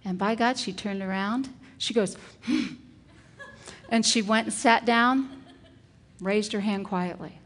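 A middle-aged woman, a teacher, giving a parenting talk and acting out calm, firm example phrases. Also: medium pitch, a little slow.

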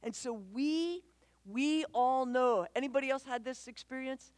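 A woman giving a conversational church talk on parenting, animated and quick to act out voices, often asking the audience questions. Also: sits high, dry recording. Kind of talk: conversational sermon.

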